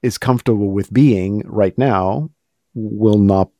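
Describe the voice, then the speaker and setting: A man's voice: on the low side, takes it slowly, dark tone, no room sound, studio quality. A man co-hosting a faith podcast, speaking thoughtfully and affirming what the guest says.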